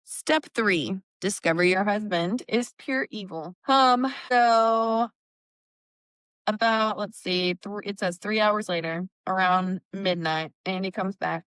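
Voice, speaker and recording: Woman book-chat host, casual and animated; smooth resonant tone, dry sound. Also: mid-range voice, slow, no echo. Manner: animated recapping, acts out quotes, swears. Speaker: book club podcast host.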